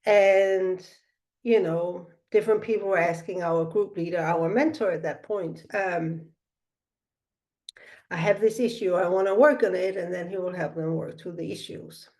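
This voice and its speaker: A middle-aged woman speaking softly and reflectively, telling a personal spiritual story with many pauses and fillers. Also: fairly low pitch, steady tone. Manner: soft-spoken, meandering, with frequent fillers.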